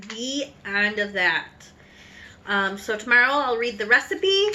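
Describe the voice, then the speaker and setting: Bright-voiced woman reading to her class. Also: medium pitch, animated, poor audio. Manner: halting reading with slips and restarts. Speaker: teacher. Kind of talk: reading a storybook aloud to students.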